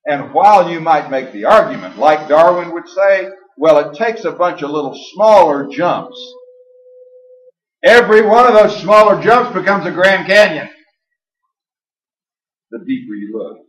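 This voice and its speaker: A man preaching a sermon in a church hall, emphatic and folksy, slowing down to stress the passages he quotes aloud. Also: on the high side, sing-song, fairly bright tone. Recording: echoey, distant, dull live church recording.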